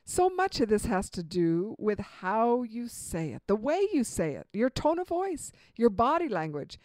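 Lively, expressive woman giving marriage advice. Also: fairly high pitch, no room sound. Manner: expressive, emphatic, lively delivery with dramatic pauses; acts out example dialogue in vivid voices. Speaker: marriage relationship speaker. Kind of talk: spoken lecture on marriage advice.

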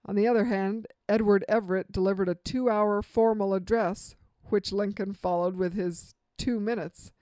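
A woman's voice: mid-range voice, steady tone, moderate pace, few pauses, dark tone, dry recording. A woman giving an instructional talk on communication, quizzing the listener with multiple-choice examples and a light touch of humor.

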